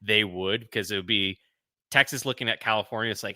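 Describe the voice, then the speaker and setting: Low, bright-voiced man joking on a podcast. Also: no room sound. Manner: joking, rambling, quick asides. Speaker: podcast host. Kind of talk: casual podcast chat.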